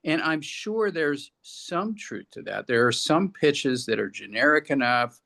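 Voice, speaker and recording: Podcast co-host, male, gravelly voice, earnest and halting delivery. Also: on the high side, expressive, bright, forceful tone. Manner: earnest, restarts often. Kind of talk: casual discussion.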